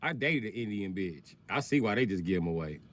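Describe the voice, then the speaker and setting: A man's voice: fairly low pitch, animated, brisk, fairly bright tone. A man riffing crudely on a livestream, swearing freely as he rants. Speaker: streamer. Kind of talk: profane comedic rant on a livestream.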